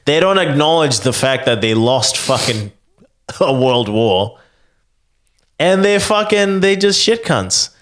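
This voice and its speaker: A man's voice: medium pitch, sing-song, takes it slowly, a bit bright. A young man, ranting profanely and telling stories on a comedy podcast. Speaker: podcast co-host. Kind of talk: casual comedy rant.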